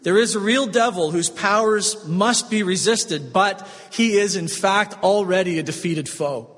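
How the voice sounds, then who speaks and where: Man, pastor, sermon, slightly husky, a bit high, long hall reverb, emphatic then hushed. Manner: swings from loud emphasis to hushed, slow tender passages.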